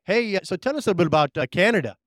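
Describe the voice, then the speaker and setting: A man's voice: high-pitched, lively intonation, fast talker, no room sound. A man interviewing a drafted player in a joking, chummy way. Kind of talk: casual interview.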